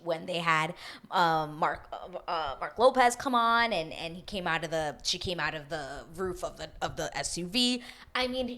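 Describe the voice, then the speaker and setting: A woman's voice: on the low side, a bit bright. A woman recapping a reality show in a casual chat, gossipy, with lots of asides and tag questions. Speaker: recap vlogger.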